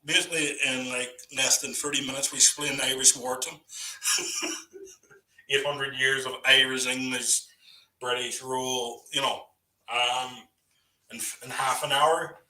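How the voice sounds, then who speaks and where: A rambling man spinning stories in a loose, casual chat, his voice bright and sharp-edged. He sits back from the mic, so he sounds distant in a roomy, echoing space. His sentences loop back on themselves, full of "you know" and "right". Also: mid-range voice, flat delivery, unhurried, pauses often. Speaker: guest storyteller on a live voice chat.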